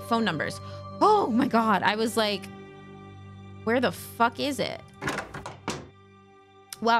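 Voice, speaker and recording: A young adult woman doing casual, sarcastic gameplay commentary, chatty and swearing freely. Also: mid-range voice. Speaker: let's play streamer. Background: game music.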